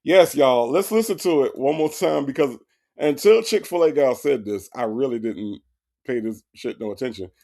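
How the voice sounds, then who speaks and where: A man's voice: mid-range voice, expressive, normal speed, gravelly, mellow. A man hosting a comedic stream, mocking a phone call in disbelief and reading viewer comments aloud. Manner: incredulous, mocking, repeats lines for effect; reads out viewer chat comments. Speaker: host reacting to a jail call.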